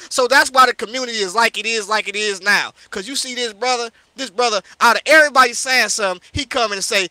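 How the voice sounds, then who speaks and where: Sharp-voiced man scolding on a livestream. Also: very high-pitched, a little fast, hardly any pauses, no echo. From St. Louis, USA. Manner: confrontational and scolding, repeats "yo" and "you know what I'm saying". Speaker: street preacher hosting a live discussion. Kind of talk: heated livestream rant.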